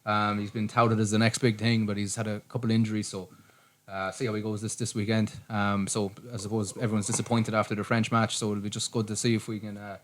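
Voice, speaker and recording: An Irish man co-hosting a podcast, chatting casually about sport with quick restarts and easy laughs. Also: on the low side, little pitch movement. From Ireland. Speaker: podcast co-host.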